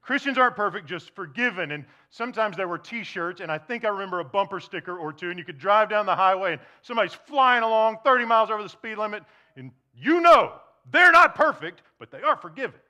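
A man preaching a sermon to a congregation, shifting between loud emphasis and hushed near-whispers, and acting out imagined questioners. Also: sits high, lively intonation, fast, few pauses, lo-fi sound. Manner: acts out imagined questioners in quoted asides. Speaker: pastor.

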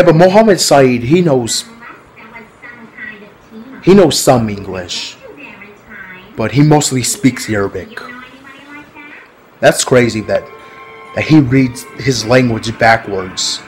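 A man's voice: mid-range voice, poor audio. A man talking casually to his viewers in a rambling, repetitive vlog, often laughing. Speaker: vlogger.

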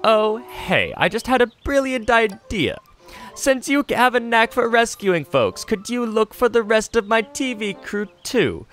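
A man putting on a brash male TV reporter with a pitch that rolls up and down like an ad read. He is showy and a little self-important, with a faint bed of music under him. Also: sing-song, a little slow, fairly bright tone, exaggerated voice. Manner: commercial-style announcer delivery.

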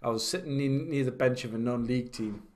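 A man's voice: mid-range voice, fast talker, a little mellow. Rambling young man. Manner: rambling, chatty, self-deprecating. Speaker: streamer. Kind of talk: casual game commentary.

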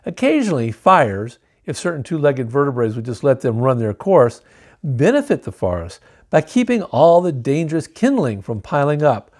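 A man's voice: mid-range voice, sing-song, normal speed. Wry man reading a picture book. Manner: wry, joking asides. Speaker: storybook reader.

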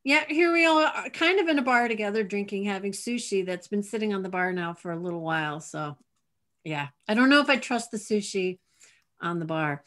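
A woman's voice: mid-range voice, expressive, fairly bright tone. Woman host, bubbly and giggly, casual video-call chat. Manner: giggly, bubbly, quick to laugh. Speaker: talk show host.

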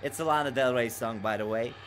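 Bright, excitable man streaming a game. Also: mid-range voice, a little fast, slight background noise. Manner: excitable and restless, swings from mutters to loud outbursts. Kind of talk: casual live-stream chat, reading chat aloud.

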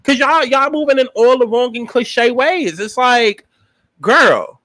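Sassy high-voiced New man. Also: normal speed, a bit bright, no room sound. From New York. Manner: sassy, profane, dramatic. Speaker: TV show reviewer. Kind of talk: casual commentary.

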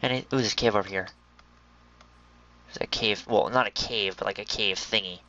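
A young man giving chatty, excitable commentary on a video game and talking to his viewers. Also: fairly low pitch, moderate pace, lo-fi sound. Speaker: gameplay commentator. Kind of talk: casual gaming commentary.

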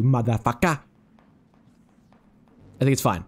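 A man giving casual, excitable commentary on his own game run, swearing freely and chatting to the creatures on screen. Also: mid-range voice, measured pace, long pauses. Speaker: let's play host.

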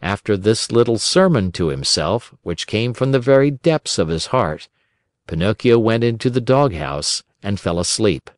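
A man narrating a children's storybook in a gentle, unhurried voice. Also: on the low side, animated, no room sound, clean studio sound. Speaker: audiobook narrator.

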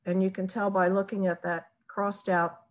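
A woman giving a recorded tutorial on building a family tree, explaining each step slowly and methodically. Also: medium pitch, little pitch movement. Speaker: genealogy presenter. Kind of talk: recorded screen-share tutorial.

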